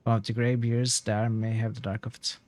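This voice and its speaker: A man reading aloud the lines of an old, superstitious woman in a game, voicing her fearful, folksy warnings in his own plain voice at a middling pitch. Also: flat delivery, a little fast, a little mellow, dry recording, lightly acted. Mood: weary. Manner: archaic folksy speech, fretful warnings.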